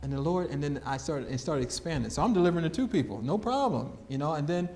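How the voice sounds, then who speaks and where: A man giving an animated storytelling testimony as guest speaker, acting out the voices in his story and laughing often. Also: fairly high pitch, quick pace.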